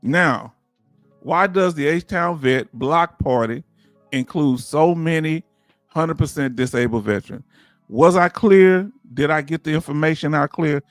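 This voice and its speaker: A Southern man hosts a casual livestream, his voice sitting a little high for a man. He talks in an animated, preachy way and keeps firing rhetorical questions at the chat. The sound is dry and close, with faint music under it. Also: measured pace, no echo. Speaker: livestream host.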